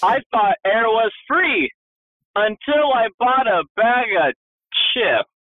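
A man putting on a high, sing-song voice with a vibrato to read out church signs. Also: very animated, slow pace, no echo, phone-quality sound, heavily acted. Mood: mocking.

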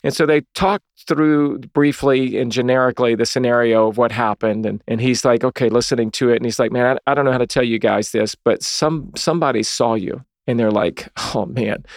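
A man's voice: mid-range voice, no echo, studio quality. A man in his thirties hosting a Christian podcast, teaching young listeners in an earnest, conversational preaching style, often asking "right?" and acting out quoted dialogue. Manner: acts out dialogue in short quoted voices. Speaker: podcast host.

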